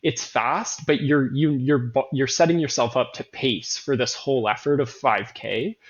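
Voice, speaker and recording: A man's voice: mid-range voice, lo-fi sound. A man hosting a casual running talk, earnest and emphatic, often repeating words and correcting himself mid-sentence. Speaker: running coach host.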